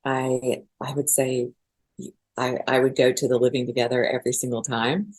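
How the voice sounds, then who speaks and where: A woman's voice: very deep voice, flat delivery, normal speed, a little mellow. A middle-aged woman guest on a podcast interview, speaking earnestly and emotionally. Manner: emotional, earnest, tearful at times. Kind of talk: interview conversation.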